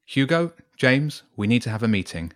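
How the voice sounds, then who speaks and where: A man's voice: medium pitch, big pitch swings, normal speed, lightly acted. A man voicing a firm, sensible schoolgirl who scolds her friend, in a bedtime story.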